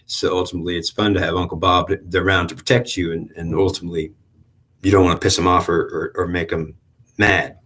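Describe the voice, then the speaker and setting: Man, very deep voice, rambling spiritual monologue, halting, repeats himself. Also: little pitch movement, a bit bright. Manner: halting, repetitive, casual. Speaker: channel host.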